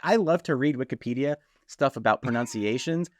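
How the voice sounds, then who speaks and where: A man's voice: mid-range voice, expressive, fairly quick, dry recording, studio quality. A man co-hosting a podcast, speaking in a chatty, tangent-prone way and laughing a lot. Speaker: podcast co-host. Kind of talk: casual conversation.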